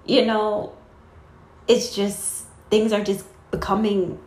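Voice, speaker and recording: Speaking slowly in a mid-range, level voice, this woman rambles warmly through an informal spiritual chat with her viewers. She's a faith vlogger who keeps interrupting herself with fillers, and the room she records in echoes.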